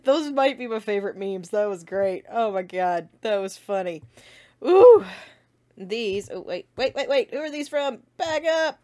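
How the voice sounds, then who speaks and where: A woman's voice: medium pitch, expressive, normal speed, hardly any pauses, darkish tone. A young woman hosting a casual fan vlog, chatting and reading out memes with frequent giggles. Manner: giggly, chatty, laughs often. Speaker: fan channel host.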